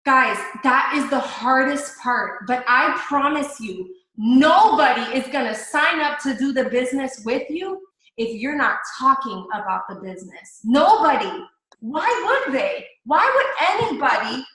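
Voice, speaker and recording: Bright, high-voiced woman coaching her team. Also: animated, a little slow, very echoey, poor audio. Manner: chatty, upbeat, talks straight to her team with lots of "guys". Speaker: network marketing coach. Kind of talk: live video call coaching talk.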